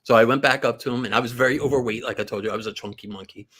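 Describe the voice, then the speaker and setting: A man's voice: medium pitch, fairly even intonation, racing, fairly bright tone, breathy edge. A man co-hosting a casual talk show, rambling through joking anecdotes. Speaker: podcast co-host. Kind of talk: casual chat, storytelling.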